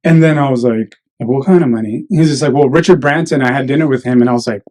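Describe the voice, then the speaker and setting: A man's voice: medium pitch, fairly quick, darkish tone, rough recording. A man chatting casually on a podcast, animatedly telling stories and mimicking voices.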